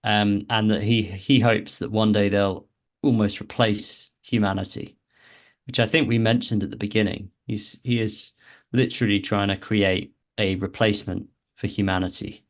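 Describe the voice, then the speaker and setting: A man's voice: lowish voice, flat delivery, moderate pace. A man co-hosting a podcast, explaining game lore in a casual, hesitant way, often restarting his phrases. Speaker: podcast co-host.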